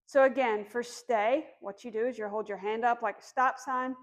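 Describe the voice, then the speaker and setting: A woman dog trainer explaining puppy commands outdoors, giving firm commands and soft praise. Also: a little high, fairly even intonation, moderate pace. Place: outdoors in a yard.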